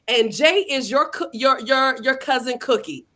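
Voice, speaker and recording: A middle-aged woman hosting a casual livestream interview, lively and playful, talking straight to her viewers. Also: high voice, moderate pace. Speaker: host.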